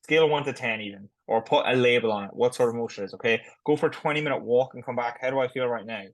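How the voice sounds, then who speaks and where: A man co-hosting a podcast, talking in a quick, chatty way full of "like". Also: medium pitch, no room sound, low-quality recording. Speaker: podcast co-host. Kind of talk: casual chat.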